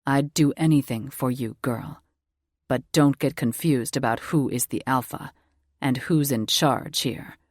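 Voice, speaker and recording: A commanding male alpha wolf shifter, as a woman narrator puts him on, speaking in a very deep, slow murmur. His lines come out unhurried and possessive, like an audiobook lover giving orders. The sound is close and dry, with no room around it. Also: no echo.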